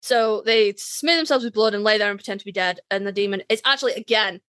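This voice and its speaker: A woman's voice: mid-range voice, fast, a bit bright. A woman co-hosting a podcast, chatting casually as she retells a TV episode, swearing freely and acting out the characters' lines. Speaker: podcast co-host. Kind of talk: casual chat recapping a TV episode. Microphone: online voice chat.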